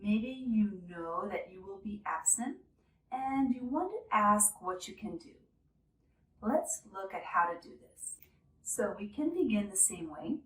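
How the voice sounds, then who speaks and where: A woman teaching an English lesson, speaking clearly and carefully as she models polite phrases. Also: medium pitch, expressive, measured pace, fairly bright tone. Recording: echoey room, slightly distant mic.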